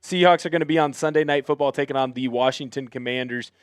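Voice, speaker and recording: A man's voice: medium pitch, quick pace, smooth, dry recording, studio quality. A man hosting a live sports stream, greeting chat viewers in an upbeat, chatty way. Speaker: host.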